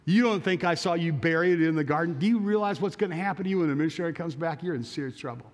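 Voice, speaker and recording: A man's voice: on the high side, rapid-fire, in a large hall, close to an everyday voice. A man voicing a sly, bossy cook who blackmails a boy, in a sermon story. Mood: smug. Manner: smug, bossy.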